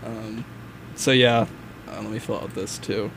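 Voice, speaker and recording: Gravelly young man hosting college radio. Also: on the low side, unhurried, a little hiss or hum. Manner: relaxed, rambling, many fillers. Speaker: radio host. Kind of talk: casual college radio chat. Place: radio studio.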